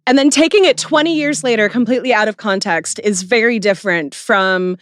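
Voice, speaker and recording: A woman co-hosting a podcast in casual chat, blunt and quick to swear. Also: mid-range voice, no echo, clean studio sound. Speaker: podcast co-host.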